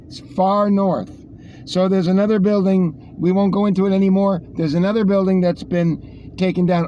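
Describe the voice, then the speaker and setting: A man's voice: high-pitched, normal speed, creaky, mellow, a little hiss or hum. A man hosting a casual news rundown, rambling with sarcastic asides. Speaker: host reading the news.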